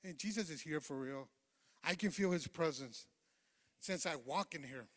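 Fervent high-voiced lay preacher in a reverberant church. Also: male voice, moderate pace, a bit bright. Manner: fervent, calls out amen to the congregation; informal, rambling, with many fillers. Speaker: lay preacher giving a testimony. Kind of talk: sermon testimony. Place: church sanctuary. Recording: long hall reverb in a church.

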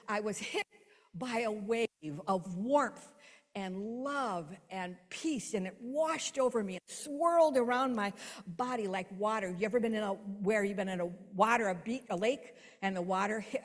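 A middle-aged woman giving an earnest personal faith testimony, dropping to hushed tones and rising to emphatic ones. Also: mid-range voice. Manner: earnest storytelling, swings between hushed and emphatic. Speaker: testimony speaker. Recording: long hall reverb.

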